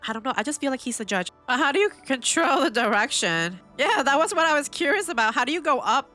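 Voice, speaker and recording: A woman reacting aloud to an anime episode for her viewers, curious and animated, thinking out loud and teary at times. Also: fairly high pitch, moderate pace, few pauses, faint music behind. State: teary, emotional. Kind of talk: live reaction commentary.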